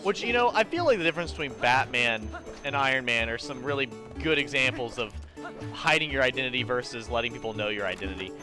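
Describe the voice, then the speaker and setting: A man streaming a video game live, ranting and excitable in casual commentary, swearing freely at the game and chatting to his viewers. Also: medium pitch, fast. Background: game music.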